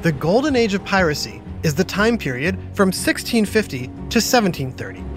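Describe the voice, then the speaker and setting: A man's voice: high-pitched, sing-song, normal speed, over music. A man hosting an educational podcast for children, playful and explanatory. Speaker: host. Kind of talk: educational kids podcast narration.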